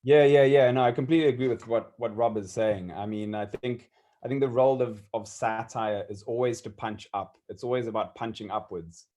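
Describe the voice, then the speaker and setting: A man's voice: mid-range voice, a little fast, warm tone. A man speaking as a panel guest on a video call, emphatic in his agreement but with many fillers like "you know" and "uh". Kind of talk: conversational panel discussion.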